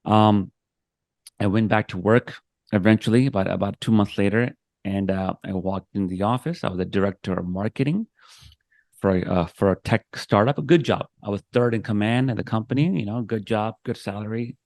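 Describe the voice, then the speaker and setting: A man's voice: fairly low pitch, a little fast, creaky, a little mellow, no room sound. A man speaking as a guest on a video-call interview, telling a personal story with emotion, acting out what others said, with frequent restarts. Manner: emotional, acts out quoted voices, frequent restarts.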